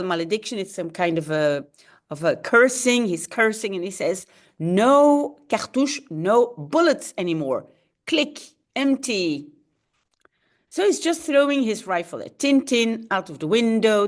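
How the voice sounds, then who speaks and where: A woman with a Belgian French accent, teaching by reading a comic aloud and explaining it line by line, acting out the characters' lines with bursts of excitement. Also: medium pitch. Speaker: language teacher.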